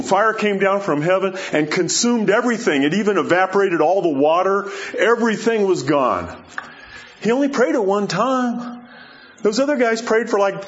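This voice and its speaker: A man preaching a sermon as a pastor, talking in a loose, conversational way with many fillers and animated storytelling. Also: high-pitched. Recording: dull lo-fi sound.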